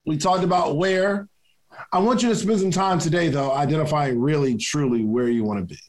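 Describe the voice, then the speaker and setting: A man's voice: fairly high pitch, a little fast. A man giving a casual motivational talk, talking conversationally, repeating key questions and laughing at himself. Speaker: motivational speaker.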